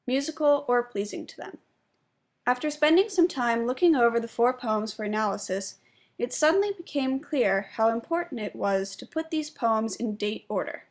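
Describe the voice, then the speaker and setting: A young woman reading a spoken essay aloud in a measured, explanatory way, presenting her own analysis of poetry. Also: fairly high pitch. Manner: measured and explanatory, stressing syllables when demonstrating meter.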